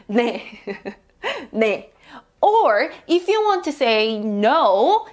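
Young Korean-accented woman, upbeat online teacher with a high, bouncy voice. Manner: cheerful, repeats words slowly for practice. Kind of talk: online language lesson.

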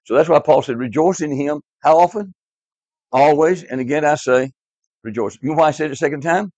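A man's voice: fairly high pitch, quick pace, a little mellow, no room sound. A man teaching a class Bible lesson, emphatic and repetitive, quizzing his students in a classroom. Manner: emphatic, repeats key words, quizzes the class. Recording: dull lo-fi, dry.

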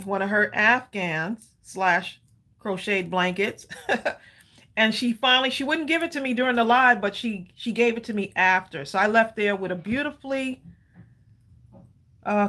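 A woman's voice: medium pitch, a little slow, pushed and bright. A woman hosting a casual live crafting stream at home, chatty and rambling with many ums and easy laughter. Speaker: livestream crafting host.

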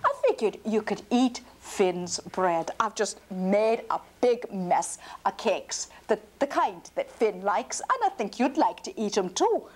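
A woman's voice: mid-range voice, expressive, a little slow, hardly any pauses. A woman voicing a clever, sweet-talking wife who coaxes a giant with a lilting, falsely sweet manner. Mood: coaxing.

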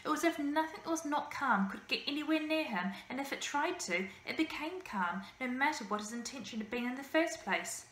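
A woman teacher reading a children's novel aloud with lively, expressive storytelling. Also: sits high, fairly quick, hardly any pauses, slight background noise. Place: school room. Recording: echoey room, faint ambience.

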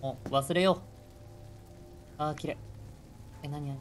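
A woman game streamer giving live gameplay commentary with excitable reactions, switching between Japanese and English. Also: sits low, moderate pace, faint music behind.

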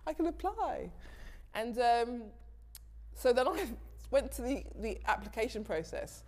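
A woman's voice: on the high side, unhurried. A woman from London with a London accent, a TV director being interviewed, telling her story casually with frequent laughs and acted-out dialogue. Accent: London English. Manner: lively, laughs often, acts out quoted dialogue.

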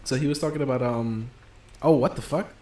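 A man's voice: mid-range voice, brisk. A man bantering and telling crude stories while watching a friend play a game, with lots of laughing. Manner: animated, crude, laughing storyteller. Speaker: co-host of a game stream. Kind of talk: casual banter while gaming. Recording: echoey room with faint noise.

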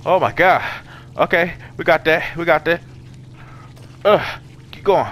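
A man commentating a horror game, excitable and profane, yelling and gasping at each scare. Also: fairly high pitch, measured pace, long pauses, slight background noise. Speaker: gaming YouTuber. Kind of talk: horror let's play commentary.

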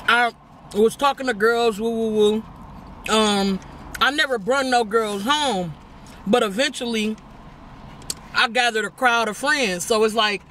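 A young woman with a bright, forceful voice tells a story in a relaxed, chatty way, calling out to her viewers as y'all and laughing along. She talks between bites of food, sounding like she is sitting in a car. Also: a little high, measured pace, long pauses, slight background noise. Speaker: vlogger host. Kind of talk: casual storytelling while eating.

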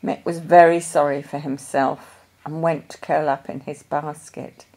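A woman reading a children's story aloud in a gentle, deliberate storytelling manner. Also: low voice, little pitch movement. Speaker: storybook reader.

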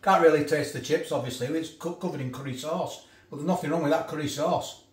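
A man's voice: fairly high pitch, brisk. A man casually reviewing food for his vlog, chatty, often restarting and eating while he talks. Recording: echoey room from a distance.

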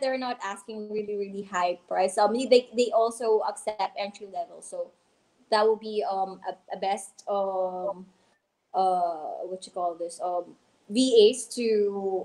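A woman's voice: medium pitch, unhurried, a little mellow, low-quality recording. Woman manager explaining with frequent fillers. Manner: hesitant, many fillers, explains step by step. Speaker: virtual assistant manager. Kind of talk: casual podcast interview.

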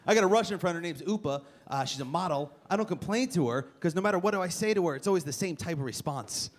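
High-pitched, animated and fast-talking, a young man does brash stand-up in a comedy club, poking fun at the crowd with punchy timing. The live club recording picks up the audience's noise.

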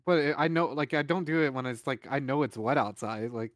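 A man talking quickly in casual chat with friends on a stream. He teases and keeps pushing, with a mid-range voice. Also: medium pitch, crowd noise. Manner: teasing, pushy, rapid.

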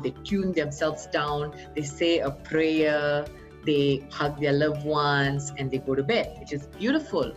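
A woman's voice: on the low side, poor audio. A woman giving a motivational talk as a trainer, upbeat and coaxing, with rhetorical questions to her listeners.

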